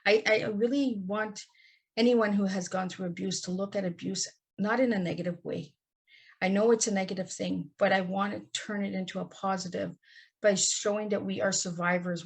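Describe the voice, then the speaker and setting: A woman speaks as a podcast guest, recounting her life in an earnest, candid and heartfelt manner. Her voice sits low and has a husky, breathy grain. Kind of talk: podcast interview storytelling.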